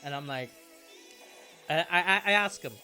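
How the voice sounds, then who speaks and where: A man's voice: fairly high pitch, unhurried, bright, forceful tone, soft background music. A young man casually telling a story, swearing a lot and restarting his sentences. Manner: swearing freely, rambling with restarts.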